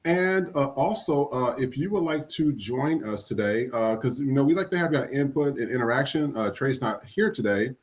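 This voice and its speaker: A man's voice: mid-range voice, moderate pace, hardly any pauses, a little hiss or hum. A man hosting a live podcast, talking loosely with fillers and apologies. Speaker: podcast host. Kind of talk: casual live podcast chat.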